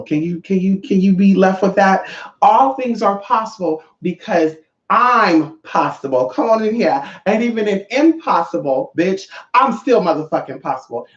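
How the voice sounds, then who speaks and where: A spiritual teacher in a casual, sassy monologue full of profanity. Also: mid-range voice. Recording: echoey, slightly dull room sound.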